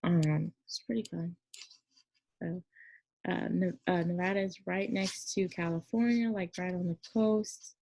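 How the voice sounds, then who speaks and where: A woman's voice: on the low side, steady tone, unhurried, gravelly, a little mellow, no room sound. A woman teaching a casual classroom lesson, talking in a chatty, rambling way with many fillers and self-corrections. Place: near Memphis, Tennessee. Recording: dull lo-fi sound.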